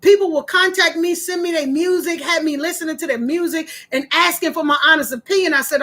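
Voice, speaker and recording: A woman's voice: a little fast, hardly any pauses. A woman who once hosted a radio show, casually telling a story to her viewers and acting out the voices she quotes. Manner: animated, acts out quoted voices with big pitch jumps. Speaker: former radio host.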